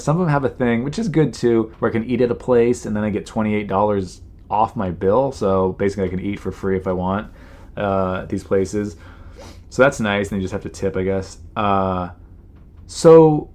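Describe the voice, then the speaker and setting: A man hosting his podcast, telling stories in a rambling casual monologue full of "you know" fillers and exasperated imitations of people. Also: lowish voice. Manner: mimics people in exasperated quoted asides. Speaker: podcast host.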